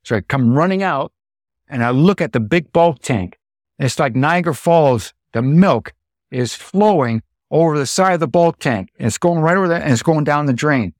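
A middle-aged American man and dairy farmer, telling farm stories in a lively way, acting out what people said and making sound effects. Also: on the high side, moderate pace, dry recording, studio quality. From United States. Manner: animated storyteller, acts out quotes and sound effects. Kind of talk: anecdotal storytelling.

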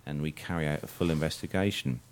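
A man's voice: very deep voice, fast. A man hosting a casual aviation news chat, reading stories aloud with many fillers and small coughs.

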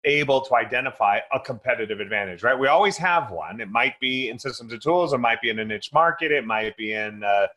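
A man hosting an interview who sums up points and frames the next questions in a measured way. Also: medium pitch, bright, forceful tone, poor audio. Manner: measured, summarizing and framing questions. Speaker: podcast host.

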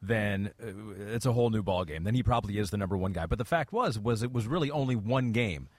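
A man's voice: fairly low pitch, animated, fast talker, dry recording. A man co-hosting a sports podcast in casual chat, setting up topics and prompting his guest. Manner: sets up topics and prompts the analyst. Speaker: podcast co-host.

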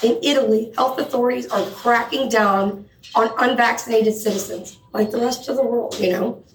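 A woman's voice: a little high, fairly even intonation, normal speed, slight background noise. A woman co-hosting a comedy news segment on stage, joking and self-absorbed and urging the audience to laugh. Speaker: comedy co-host. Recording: echoey room from far off.

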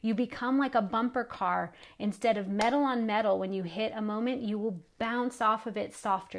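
A middle-aged woman hosting a faith podcast, speaking earnestly and pleadingly, often repeating phrases for emphasis. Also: mid-range voice. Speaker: podcast host. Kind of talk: faith-based encouraging talk.

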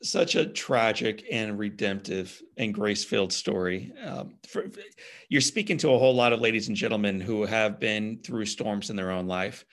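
A man interviewing a guest, asking questions in a measured, compassionate way. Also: lowish voice, a bit bright.

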